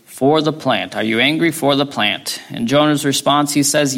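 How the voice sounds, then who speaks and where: Brief: man in the middle register, preaching with a gravelly edge, conversational teaching tone. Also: mid-range voice, normal speed, a bit bright. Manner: conversational teaching, frequent tag questions. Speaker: pastor. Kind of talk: sermon.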